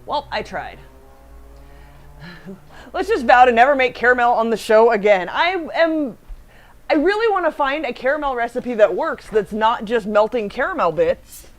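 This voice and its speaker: A woman's voice: fairly high pitch, animated, normal speed. A woman hosting a casual baking livestream, chatting with her co-host, reading viewer comments aloud and laughing often.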